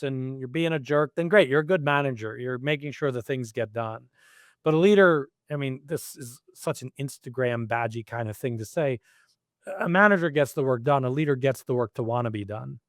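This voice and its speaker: A middle-aged man talking as a guest in a casual interview, animated and quick to laugh, acting out his own quoted lines. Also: mid-range voice, no room sound, clean studio sound. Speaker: podcast guest, executive coach.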